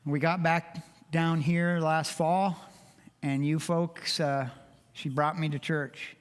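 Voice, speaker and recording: A man's voice: fairly high pitch, little pitch movement, slow pace, clean tone. Earnest older man in a reverberant church. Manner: earnest, heartfelt, emotional. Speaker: church member giving a testimony. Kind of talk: personal testimony to a congregation. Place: church sanctuary. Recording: long reverb of a church hall.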